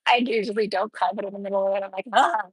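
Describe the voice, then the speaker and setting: Woman nail educator, chatty step-by-step delivery, husky tone, dry close sound. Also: mid-range voice, steady tone, very fast, dry recording, rough recording. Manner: chatty, explains each step while working. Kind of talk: live nail tutorial.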